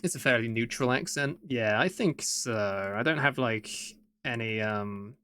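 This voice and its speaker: A man's voice: mid-range voice, unhurried, bright, forceful tone, clear, resonant tone, dry recording. A man with an English Midlands accent chatting casually and rambling while he draws on a live stream, chuckling often. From England. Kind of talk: casual chat while drawing.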